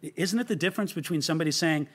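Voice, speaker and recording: A man with a high, forceful voice walks through scripture verse by verse. He presses his points hard and keeps turning to the listener with rhetorical questions. When he gets excited he stumbles and repeats words. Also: racing. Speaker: Bible teacher. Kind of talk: verse-by-verse Bible teaching.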